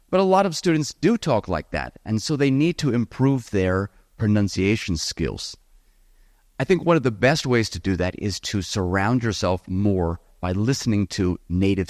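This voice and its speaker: A man teaching a live seminar on the speaking exam, lively and encouraging, talking straight to his audience. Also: fairly low pitch, dry recording, studio quality. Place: event hall with audience.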